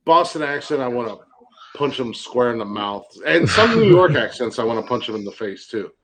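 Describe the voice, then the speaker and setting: A man from Ohio with an Ohio accent, hosting a podcast in crude, casual banter, loud, laughing and swearing freely. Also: mid-range voice, big pitch swings, brisk, a loud crowd, rough recording. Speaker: podcast host.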